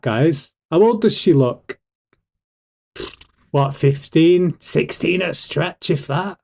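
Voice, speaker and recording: A man's voice: on the high side, lively intonation, measured pace, darkish tone. A British man hosts a casual livestream in a hyped, rhetorical way. He keeps throwing questions at his viewers and pushes the pace. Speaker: livestream host.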